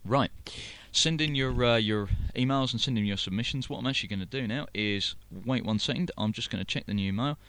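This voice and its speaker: A man's voice: medium pitch, fairly quick, hardly any pauses, fairly bright tone, no room sound. A man with a London accent hosting a live internet radio show, rambling through announcements with many fillers and restarts. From London, England. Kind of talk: casual live radio chat.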